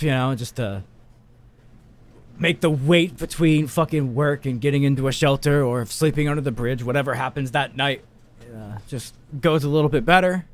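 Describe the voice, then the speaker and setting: A man co-hosting a comedy podcast, telling an excitable, profane story about himself. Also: a little high. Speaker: podcast co-host.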